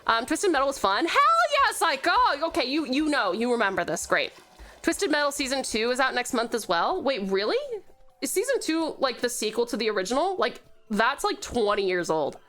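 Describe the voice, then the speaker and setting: Bubbly high-voiced woman streamer. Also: fairly quick, faint music behind. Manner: excitable, giggly, swears when losing. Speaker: VTuber streamer. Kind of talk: casual gaming stream commentary.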